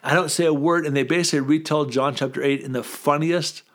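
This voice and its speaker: A man's voice: a little high, a little fast. A man as a guest on a conversational show, telling a story and acting out the people in it. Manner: lively, acts out quoted voices in the story. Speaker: guest speaker.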